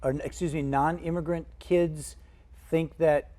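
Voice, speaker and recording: A male interviewer with a fairly high but mellow voice asks his guest measured questions in a studio. He keeps his prompts short and answers his guest with brief acknowledgments. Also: steady tone. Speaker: radio interview host. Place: radio studio.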